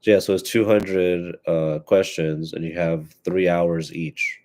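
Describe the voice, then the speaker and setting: Young guy with a stuffy nose hosting his podcast, real deep voice, rambling and cussing a lot. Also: little pitch movement, measured pace, darkish tone. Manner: rambling and profane, with many fillers and restarts. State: stuffy from allergies. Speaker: podcast host. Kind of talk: casual solo podcast chat.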